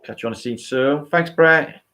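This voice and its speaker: A man's voice: on the high side, moderate pace, bright, forceful tone. A man with a British accent hosting a casual livestream, rambling, swearing and thanking viewers by name. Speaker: livestream host. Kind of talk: casual live-stream chat.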